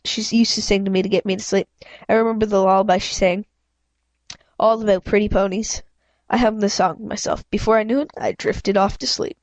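A woman reads a children's novel aloud at home, in a voice of ordinary pitch. She often trips over words and goes back to fix them. The sound is dry and close. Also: steady tone, fairly quick, dry recording. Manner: plain reading with frequent slips and self-corrections. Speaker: reader of a book. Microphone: home microphone, self-adjusted.

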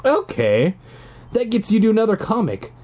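A man's voice: sits high, huge pitch swings, normal speed, darkish tone, pitched above the performer's own voice, exaggerated voice. A man voicing the frightened young hero of a storybook, yelping and alarmed. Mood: urgent.

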